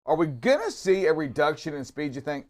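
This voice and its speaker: A man's voice: fairly high pitch, very animated, a little fast, a little mellow. A man co-hosting a live trucking show in an upbeat, chatty, teasing way. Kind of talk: casual live-stream chat.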